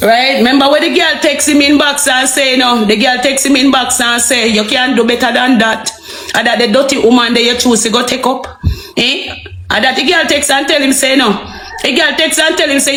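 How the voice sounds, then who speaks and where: A woman's voice: on the high side, a bit bright. A woman with a Jamaican accent ranting to viewers on a livestream. She repeats herself and keeps asking rhetorical questions. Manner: heated, repetitive, rhetorical questions. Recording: echoey room, faint music.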